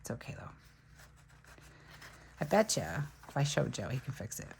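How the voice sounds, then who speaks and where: A woman vlogger with a low, gravelly voice talks casually through a crafting tutorial at her desk. She narrates every step and shrugs off her little mistakes. A faint background noise sits under her voice. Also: sing-song, moderate pace, a little mellow. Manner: chatty, narrates each step, laughs off mistakes. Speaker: planner vlogger.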